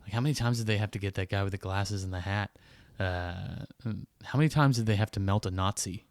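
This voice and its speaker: A man's voice: on the low side, fairly quick, no room sound. A man co-hosting a casual home podcast, rambling with fillers and teasing his partner with jokes. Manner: rambling, joking, many fillers. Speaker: podcast co-host. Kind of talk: casual chat.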